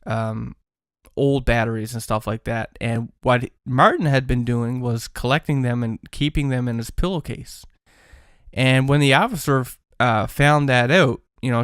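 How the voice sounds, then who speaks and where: A man's voice: mid-range voice, smooth, no room sound, studio quality. A man telling a paranormal story in a casual, rambling way, full of fillers and restarts.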